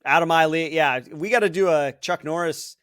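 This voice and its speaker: A man's voice: fairly high pitch, brisk, fairly bright tone, smooth, dry recording. Rambling man thinking aloud, dry sound. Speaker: podcast co-host, quiz contestant. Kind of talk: casual chat.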